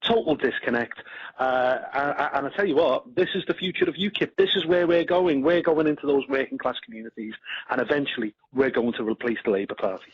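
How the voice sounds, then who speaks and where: A man's voice: fairly high pitch, big pitch swings, creaky, slightly rough, no echo, lo-fi sound. Confident Scouse man on the radio. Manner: confident, combative, quick-talking with restarts. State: giddy, a bit delirious. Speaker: political guest. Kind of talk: live radio interview.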